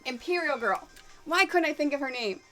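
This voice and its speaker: A quilting streamer talks casually to her viewers and her dogs as she works in her home sewing studio, chatty and all over the place, her accent a mix of American and Canadian. She sounds high-pitched, animated, and a bit bright at a moderate pace, faint music behind her.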